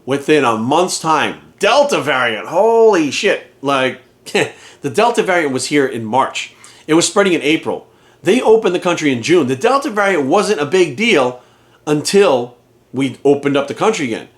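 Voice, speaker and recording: A man's voice: fairly high pitch, sing-song, normal speed. A man in a heated, profane rant to camera, hammering his points home by repeating them. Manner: heated, profane, emphatic, repeats phrases for force. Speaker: fitness trainer and coach. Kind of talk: ranting monologue to camera.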